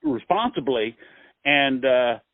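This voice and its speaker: A man's voice: medium pitch, very animated, slow, no echo, phone-quality sound. A male host, rambling in a folksy, joking way through a casual interview. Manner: rambling, folksy, restarts a lot.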